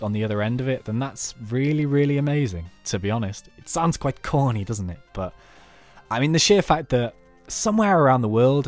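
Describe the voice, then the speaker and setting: Man from the UK, let's play commentary, lively swinging pitch, chatty asides, background music. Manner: chatty, animated, rambling asides. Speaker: YouTube let's play host. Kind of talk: casual gameplay commentary.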